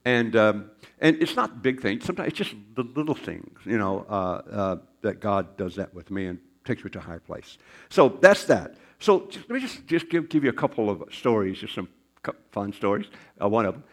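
An older man preaching a sermon, telling folksy personal stories with asides and chuckles. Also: fairly low pitch. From Arkansas. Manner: folksy storytelling with asides and laughs. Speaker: pastor.

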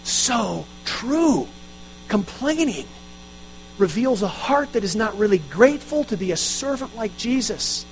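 Earnest preacher man with a high voice. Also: sing-song, unhurried, low-quality recording. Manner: earnest, rising to emphatic, self-deprecating asides. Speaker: pastor. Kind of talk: sermon. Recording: faint mains hum.

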